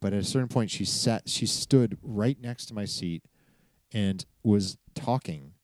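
Speaking at a measured pace, this podcast co-host, a man in his thirties, spins rambling travel stories with wry, self-confessed curmudgeonly humor. His voice is lowish and darkish, with no echo.

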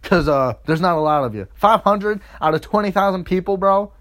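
A man's voice: expressive, fairly quick. A man in his twenties telling a crude, rambling story in a swearing comedic rant. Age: 20s. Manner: jumps into loud, high-pitched mocking voices.

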